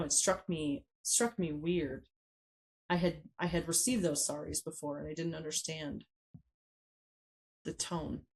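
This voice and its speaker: A woman guest on a podcast interview, recounting a personal story in a hesitant way, with frequent pauses and fillers. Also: deep voice, gravelly, a little mellow, poor audio.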